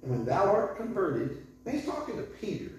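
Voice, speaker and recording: A man in his sixties preaching an informal sermon in a conversational, animated way, chuckling often. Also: high voice, normal speed. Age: 60s. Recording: echoey room from far off.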